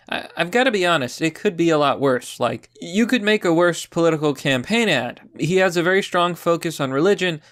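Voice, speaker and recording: A man's voice: on the high side, smooth. A man hosting his own channel, giving casual, sarcastic political commentary with jokes and asides. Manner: sarcastic, jokey, animated.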